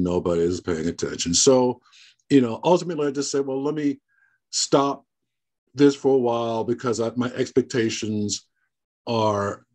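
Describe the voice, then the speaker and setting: Casting: man, Southern roots, animated storyteller with bursts of laughter, middle-pitched voice. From American South. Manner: animated storyteller, laughs often, acts out quoted dialogue. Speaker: guest, horror host. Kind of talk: casual interview storytelling.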